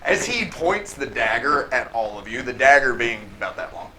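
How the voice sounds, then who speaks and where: Lively game master narrating. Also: medium pitch, moderate pace. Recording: noisy recording.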